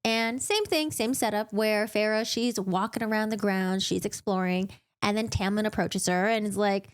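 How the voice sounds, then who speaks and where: A woman's voice: mid-range voice, fairly even intonation, moderate pace, clean tone. A woman giving a casual, chatty book recap full of joking asides.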